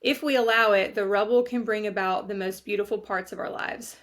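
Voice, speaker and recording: A woman's voice: mid-range voice, fairly even intonation, a little fast, a bit bright. A woman hosting her own podcast, speaking in an earnest, heartfelt way as she reflects aloud, partly reading from her notes. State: pregnant, near due date. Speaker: podcast host. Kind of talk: reflective solo podcast monologue.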